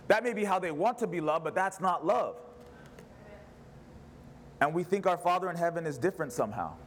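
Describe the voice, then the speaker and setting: A man's voice: sits high, expressive, brisk, slight background noise. A pastor preaching a sermon in church, an impassioned man who fires off rhetorical questions. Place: church service.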